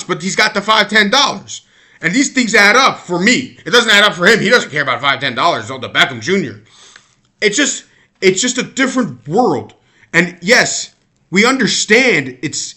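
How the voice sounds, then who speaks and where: In a casual rant, a man from the United States airs exasperated sports opinions, rambling and frequently restarting or repeating himself. He has a high-pitched voice that sounds pushed and bright.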